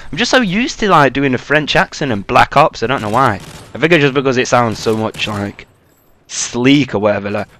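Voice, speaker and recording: A man's voice: medium pitch, expressive, fairly quick, bright, forceful tone, a little hiss or hum. A young man giving casual, rambling freestyle commentary over his own gameplay, swearing and using lots of fillers. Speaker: gaming commentator.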